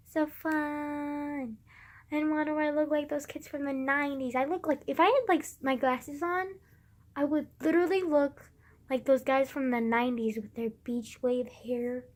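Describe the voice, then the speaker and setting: Exasperated young woman, high voice, venting. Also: moderate pace, darkish tone. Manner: exasperated, heavy swearing, frequent sighs and whispered asides. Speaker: vlogger. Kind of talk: casual venting to camera.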